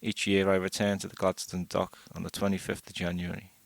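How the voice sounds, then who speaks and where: A man reading a first-person short story aloud in a steady, unhurried way. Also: low voice, gravelly, dry recording. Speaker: audiobook narrator.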